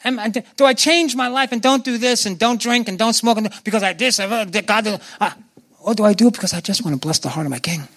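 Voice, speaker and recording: Male preacher, high-pitched, lively sermon delivery, puts on voices for scripture. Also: brisk. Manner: animated, acts out biblical voices with swings in pitch; asks the congregation questions.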